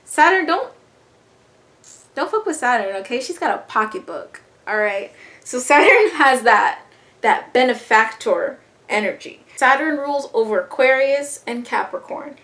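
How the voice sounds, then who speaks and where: A young woman casually explaining astrology in a playful, slangy, animated way. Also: high voice, a little slow. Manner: animated, slangy, playful, breaks into quoted voices and laughs. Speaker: astrology vlogger.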